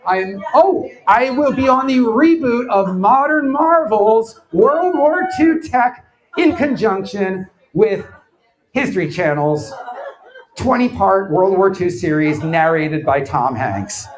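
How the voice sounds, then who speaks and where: Lively man giving a lecture. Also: high-pitched, slow, poor audio. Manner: animated storyteller, mimics others' voices. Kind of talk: live comedic lecture. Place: bar event space before a live audience.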